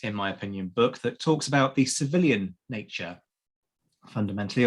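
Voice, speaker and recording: A man hosting a history podcast, talking in an enthusiastic, chatty way with frequent restarts. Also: medium pitch. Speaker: podcast host. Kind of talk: casual podcast chat.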